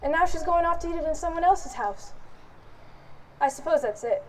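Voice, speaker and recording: A woman playing a fretful, middle-aged mother of the bride. She confides to the audience in a high voice. The voice is heard from some distance on a stage recording. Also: lively intonation, moderate pace, a little mellow, slight background noise. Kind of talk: stage play acting.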